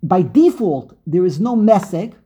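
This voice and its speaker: A man hosting a casual chat over a video call, telling animated stories and laughing often. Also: high-pitched, unhurried, slight background noise. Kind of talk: casual conversation.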